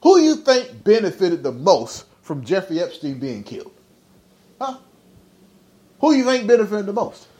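A man's voice: sits high, very animated, a little slow, long pauses, a little mellow. A man hosting a podcast, ranting bluntly in slangy, profane casual talk with heated rhetorical questions. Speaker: podcast host.

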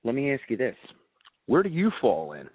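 A man's voice: mid-range voice, wildly swooping pitch, moderate pace, breathy edge. A man in his forties chatting casually, teasing and swearing in a laid-back way. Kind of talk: casual chat. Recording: dry, phone-like narrow sound.

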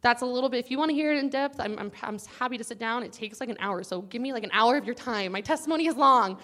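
A woman's voice: a little high, quick pace, fairly bright tone. A young woman casually sharing a personal testimony with a campus group, earnest and chatty and at times close to tears. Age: young adult. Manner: earnest, casual, chatty with many likes and guys.

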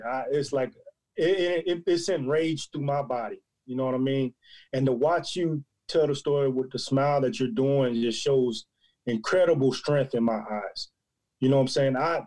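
A man's voice: medium pitch, mellow, rough recording. A man co-hosting an interview, speaking earnestly and searching for words. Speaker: co-host. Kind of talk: interview conversation.

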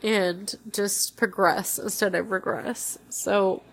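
Young woman, solo podcast host, raw and emotional, halting delivery, gravelly fry. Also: mid-range voice, fairly even intonation, a bit bright. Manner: candid, emotional, halting with restarts.

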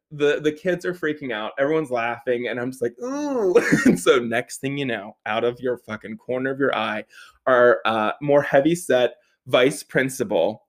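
Laughing man telling a wild story. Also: medium pitch. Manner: animated, profane, laughing often while telling the story. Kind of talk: casual anecdote telling.

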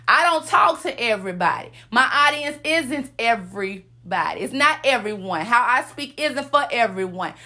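Sassy bright-voiced podcast woman. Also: sits high. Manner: sassy, preachy, calls out to listeners with "honey" and "come on, somebody". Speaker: podcast host. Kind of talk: motivational podcast monologue.

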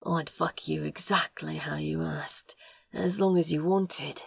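A blunt, sardonic man with a low, gravelly and husky voice, played by a woman. He drawls slowly in a close, dry audio drama recording. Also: fairly even intonation, no echo, exaggerated voice. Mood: seductive.

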